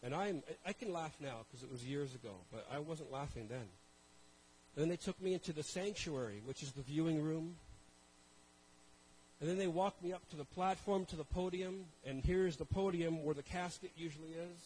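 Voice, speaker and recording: A man's voice: on the high side, normal speed, a little mellow, rough recording. Conversational male preacher with a light hum behind him. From Canada. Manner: conversational, self-deprecating, addresses audience directly. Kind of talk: sermon with personal storytelling.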